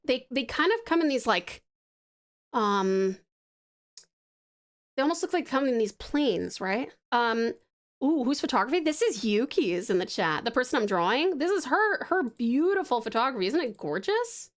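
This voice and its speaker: A woman's voice: sits high, sing-song, normal speed. A woman from Tasmania with an Australian accent, chatting casually on a live stream. She is bubbly and affectionate, swears freely, laughs often, and rambles while sketching.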